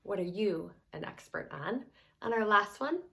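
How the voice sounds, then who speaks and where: A woman teaching a children's phonics lesson, sounding out words clearly and cheering the learner on. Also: mid-range voice, expressive, moderate pace, a bit bright.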